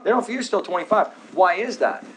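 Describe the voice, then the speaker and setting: A man in his thirties lectures a live class in a slightly higher voice, tossing out sarcastic jokes and asking the room questions. Faint room noise sits under his voice. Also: animated, fairly quick, fairly bright tone, poor audio. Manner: joking, sarcastic asides to the audience. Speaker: chiropractor teaching a health class. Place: office classroom.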